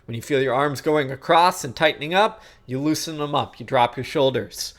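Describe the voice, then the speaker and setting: A man's voice: mid-range voice, moderate pace, fairly bright tone. A man coaching athletes in an instructional talk, explaining ideas conversationally and checking in with the listener often. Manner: conversational, checks in with frequent "okay?" and "guess what?"; acts out inner thoughts in quoted asides. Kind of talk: instructional talk on sports psychology.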